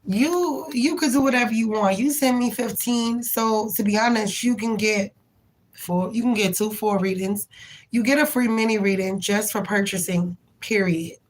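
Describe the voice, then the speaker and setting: A woman's voice: medium pitch, normal speed, slight background noise, rough recording. Chatty slangy woman tarot reader, live. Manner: rhythmic chanted prayer. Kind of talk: casual live-stream chat with viewers.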